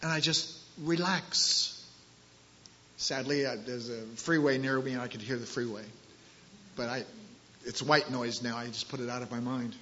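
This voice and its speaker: A man preaching a sermon and reading scripture, emphatic and slowing down on key phrases. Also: mid-range voice, fairly even intonation, bright, forceful tone, a little hiss or hum. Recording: dull lo-fi recording.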